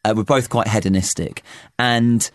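A man's voice: lowish voice, normal speed, no room sound. A young man co-hosting a podcast, telling a rambling story in casual chat. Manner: rambling storyteller, lively and animated. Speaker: podcast co-host.

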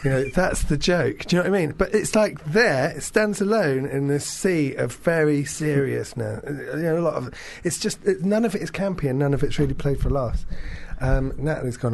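A man's voice: on the high side, fairly quick, creaky, few pauses, a little hiss or hum. A man co-hosting a casual radio show, rambling with lots of fillers, restarts and casual swearing.

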